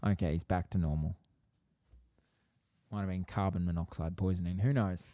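A man hosting a podcast and running a tabletop game, talking in an easygoing, drawn-out way. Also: low voice, fairly even intonation, mellow, dry recording, clean studio sound. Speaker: podcast host and game master. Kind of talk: casual chat.

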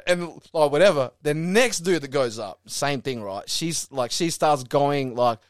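A man's voice: a little high, a little slow, dry recording, studio quality. A young man in casual chat, telling a wild story with lots of laughs and swearing. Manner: animated storyteller, laughs often, swears freely.

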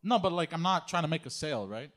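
Stammering, slightly high-voiced man. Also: animated, fast, a bit bright. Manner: hesitant, stammering, laughs it off. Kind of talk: casual chat.

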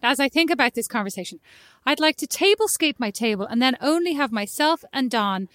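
A woman in her thirties co-hosting a podcast, telling animated stories and acting out her small son's lines in casual chat. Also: sits high, brisk, dry recording. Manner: animated storyteller, acts out her kid's lines. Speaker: podcast co-host.

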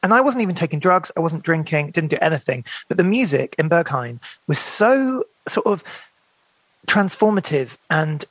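A man with a slightly high voice talks in a dry, close-miked sound. He is a guest musician on a podcast who tells rambling stories packed with "like" and trailing asides. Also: very animated, moderate pace, a bit bright, dry recording. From England, grew up in Reading, Berkshire. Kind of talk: podcast interview, storytelling.

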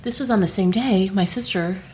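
A woman hosting a podcast in casual chat, enthusiastic and quick to agree. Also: medium pitch, a little mellow, a little hiss or hum. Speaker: podcast host.

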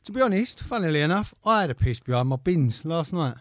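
A man, co-hosting a crude comedy podcast with deadpan banter. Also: on the high side, quick pace, no echo, clean studio sound. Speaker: podcast co-host. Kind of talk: crude casual chat.

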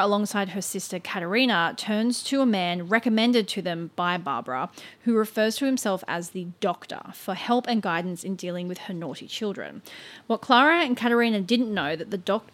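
A woman telling a story to a friend on a podcast in a mid-pitched voice, chatty and relaxed. She pads her sentences with "like" and "um" and trips over hard names as she goes. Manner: chatty, filler-heavy with frequent "like" and "um"; stumbles over names and asides. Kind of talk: casual storytelling chat.

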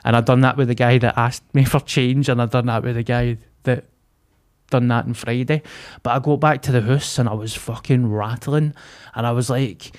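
A man's voice: mid-range voice, steady tone, normal speed. A man, co-hosting a podcast and telling a vivid, sweary story in casual chat. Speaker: podcast co-host.

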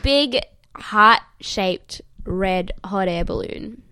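A woman's voice: medium pitch, drawn-out words, bright, forceful tone, smooth, no echo. A young Australian woman co-hosting a podcast at home, chatting casually, self-deprecating and sarcastic, laughing a lot. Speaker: podcast co-host. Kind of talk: casual chat. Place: room in her house.

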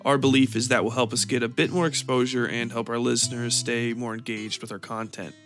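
A man hosting a podcast and reading a short story in an even, measured way. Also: mid-range voice, over music. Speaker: podcast host and narrator. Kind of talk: scripted story narration.

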